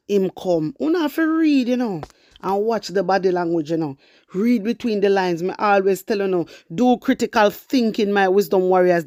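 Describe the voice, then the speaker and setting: A Jamaican woman with a somewhat high voice, talking straight to her online viewers in thick patois. She hammers her points home by repeating them. Her voice sounds dry and close. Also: darkish tone, no echo. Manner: emphatic and repetitive, in heavy patois. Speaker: online commentator. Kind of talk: political commentary to viewers.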